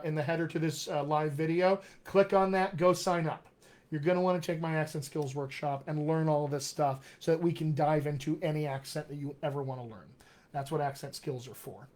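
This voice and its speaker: This middle-aged dialect coach has a voice on the high side. He's teaching during a live online Q&A, speaking directly to his viewers in an upbeat, encouraging way.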